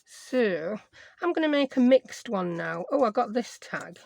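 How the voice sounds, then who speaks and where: Chatty woman, gravelly. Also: on the high side, animated, a little slow, a little mellow. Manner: chatty, rambling, thinks aloud. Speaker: craft vlogger. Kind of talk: casual chat while crafting.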